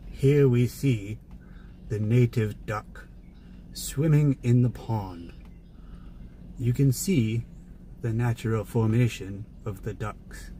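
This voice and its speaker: A man putting on a British accent, playing an older nature documentary narrator with slow, soft, reverent narration from inside a car. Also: mid-range voice, a little hiss or hum, natural voice. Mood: hushed. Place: inside a parked car by a pond.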